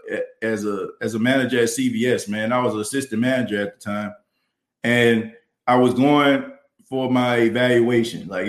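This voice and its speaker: A man with a New Orleans accent hosts a live podcast from behind his mic and camera. He talks in a fervent, motivational way, packed with "you know" fillers, at an ordinary pitch. The sound bounces around an echoey room. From New Orleans, US South. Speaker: podcast host. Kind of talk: livestream podcast talk, reading chat. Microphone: studio mic and camera.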